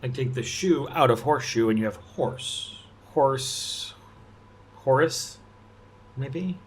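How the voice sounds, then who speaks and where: A man thinking aloud as he works through a puzzle, musing and halting, often restarting his sentences and laughing softly. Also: medium pitch, expressive, a little hiss or hum. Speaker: puzzle-solving video host.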